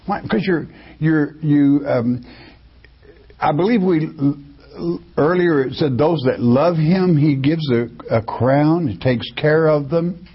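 A man delivers a sermon in a husky, slightly high voice. He reads scripture verses and then breaks them down in plain, folksy talk. The recording sounds dull and lo-fi. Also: takes it slowly. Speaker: preacher.

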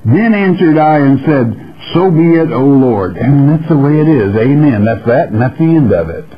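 A man's voice: medium pitch, animated. Folksy preacher man on lo-fi radio. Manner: reads scripture slowly, then explains in folksy asides. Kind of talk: verse-by-verse sermon. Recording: dull lo-fi radio broadcast.

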